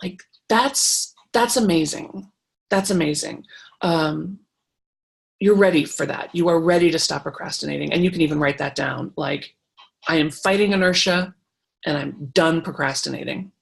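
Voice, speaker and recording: A woman's voice: sits low, moderate pace, creaky. A middle-aged woman teaching a creativity workshop, talking in an encouraging, chatty way with fillers and restarts. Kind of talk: live online workshop talk.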